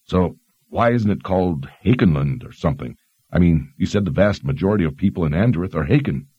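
A man's voice: low voice, animated, a little fast, slightly rough, no echo, highs cut off. A man voicing a curious young male traveller who asks questions and gives practical instructions.

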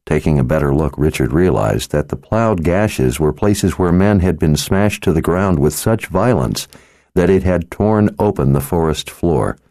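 A man narrating an audiobook with a very deep, dark voice. He reads in an even, measured, dramatic style. The studio recording is close and dry. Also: no room sound. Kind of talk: scripted narration.

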